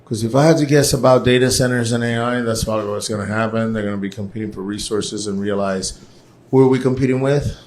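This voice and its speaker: A man's voice: lowish voice, fast, a little mellow, a little hiss or hum. A man from Puerto Rico hosting a casual live stream, chatty and rambling as he jumps between topics. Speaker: host. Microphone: phone or camera mic on a live stream.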